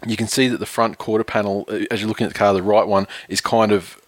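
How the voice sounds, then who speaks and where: A low-pitched man in his thirties spins a sweary, animated story in casual podcast chat. His voice sits dry and close to the mic. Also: quick pace, dry recording. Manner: profane, animated storytelling with laughs.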